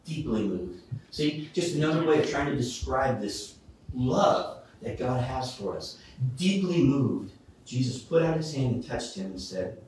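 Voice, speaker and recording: A man preaching a sermon, reading Bible verses aloud with expressive emphasis. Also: mid-range voice, normal speed, slight background noise. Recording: echoey room, voice from a distance.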